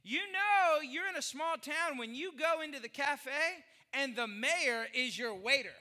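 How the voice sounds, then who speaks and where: A middle-aged man from Texas preaching a sermon as a pastor, an animated, joking storyteller full of rhetorical questions. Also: very high-pitched, unhurried.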